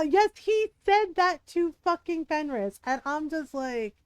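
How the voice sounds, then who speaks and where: A woman's voice: sits high, animated, unhurried, hardly any pauses, no echo. A woman game streamer in casual livestream chat, ranting heatedly, swearing often and breaking into laughs.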